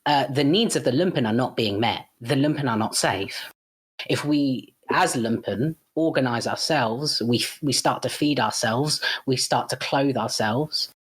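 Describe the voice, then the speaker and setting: A man's voice: mid-range voice, measured pace, slightly rough. A man speaking as a guest in an unscripted podcast discussion. He talks bluntly and with heat, swears freely, and often restarts and corrects himself mid-sentence. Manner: frequent false starts and self-corrections.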